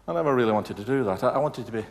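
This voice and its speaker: Chatty Northern English comedian, lively pitch. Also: male voice, racing. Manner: chatty, self-mocking, jumps into voices. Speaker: stand-up comedian. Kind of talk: stand-up comedy. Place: live stage before an audience.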